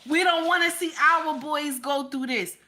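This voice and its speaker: Woman, middle-aged, high voice, casual commentary, emphatic, repetitive. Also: measured pace, sharp tone.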